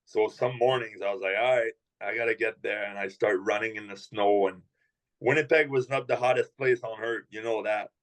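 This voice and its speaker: Relaxed man telling hockey stories. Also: on the low side, normal speed, low-quality recording. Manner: relaxed storyteller, many fillers like "like". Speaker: hockey skills coach. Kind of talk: casual podcast chat.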